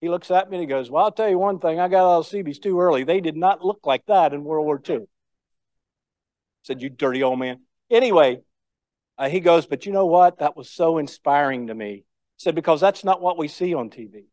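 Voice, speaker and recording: A man's voice: on the high side, normal speed, a little mellow, no room sound. An older man giving a speech, telling war stories in a folksy, anecdotal way. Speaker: guest speaker. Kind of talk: storytelling speech.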